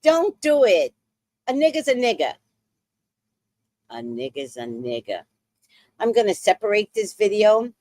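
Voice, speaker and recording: A woman with a low voice tells her story on a livestream, her pitch swinging widely from phrase to phrase. She talks bluntly and curses freely in a dry, close-sounding recording. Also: no room sound. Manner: blunt, animated, profane. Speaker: livestream host.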